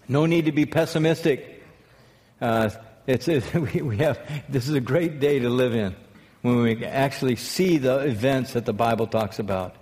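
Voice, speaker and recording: A man's voice: mid-range voice, a little mellow, big-room sound. A man giving a conversational sermon, asking rhetorical questions and restarting his phrases as he talks. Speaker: pastor.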